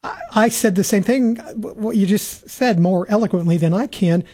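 A woman's voice: mid-range voice, moderate pace, mellow. A woman with a mid-range voice co-hosts a political talk radio show. She speaks earnestly and sounds frustrated.

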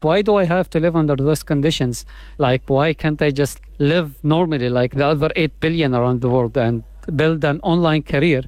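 A man's voice: a little high, moderate pace, darkish tone, dry recording. A man from Gaza talking casually in an interview, full of fillers like "like" and "uh". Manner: conversational, fillers like "like" and "uh". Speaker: interviewee, freelance writer.

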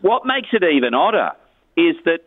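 A man's voice: a little high, big pitch swings, moderate pace, husky, dry recording. Brief: man calling into radio with gossip, chatty and chuckling, tinny phone sound. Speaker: entertainment news contributor. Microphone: phone line.

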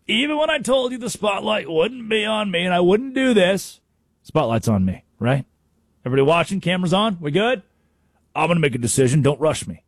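A man's voice: sits high, big pitch swings, fairly quick, no room sound, studio quality, pitched above the performer's own voice, exaggerated voice. A man voicing a mocking impression of a self-important male sports star who wants every camera on him. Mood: smug. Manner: smug, attention-seeking.

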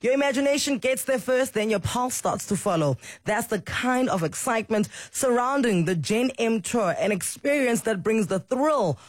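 A woman hosts a radio show with a slightly husky voice. She jokes and teases her co-host in a quick-witted way. The sound is dry and close, straight from the studio mic. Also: on the high side, animated, dry recording. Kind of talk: casual radio banter and promo reading.

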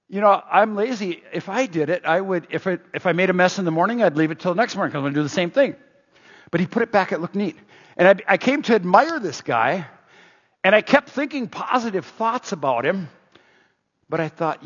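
Male preacher, high and husky, storytelling sermon style with a dull sound. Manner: conversational, animated, with restarts. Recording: dull sound with long hall reverb.

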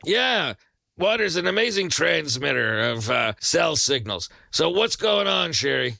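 A man's voice: a little high, sing-song, measured pace, vocal fry, sharp tone, no room sound. A man hosting late-night call-in radio, firing off dry, sarcastic wisecracks at a caller. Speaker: radio host.

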